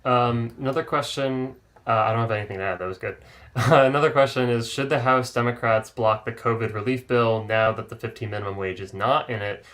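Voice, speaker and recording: This is a man co-hosting a political talk show, speaking at a middle pitch. He is relaxed and loose as he reads out listener questions and steers the chat. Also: a little fast. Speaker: co-host. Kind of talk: casual political discussion.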